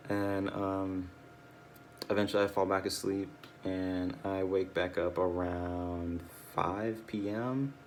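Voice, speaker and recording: A man's voice: low-pitched, fairly even intonation, slow, a little hiss or hum. A tired, drowsy man rambling through a casual personal video log, swearing often and losing his train of thought. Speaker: video diarist.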